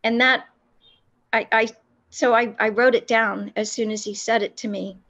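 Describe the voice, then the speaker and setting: A woman recounting a personal faith experience in an interview, speaking earnestly with many pauses and restarts. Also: on the high side, steady tone, a bit bright, muffled recording. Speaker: guest telling her faith testimony.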